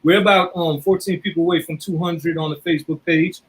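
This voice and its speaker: A man co-hosts a talk show, chatting easily and casually with frequent fillers; he's described as a podcast co-host. His voice is fairly high, with fairly even intonation and a brisk pace, and the audio quality is poor.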